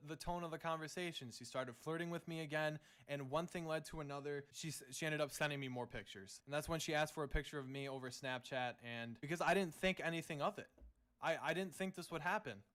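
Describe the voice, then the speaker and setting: A young man making a defensive apology statement, halting with many restarts. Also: fairly high pitch, fairly bright tone. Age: young adult.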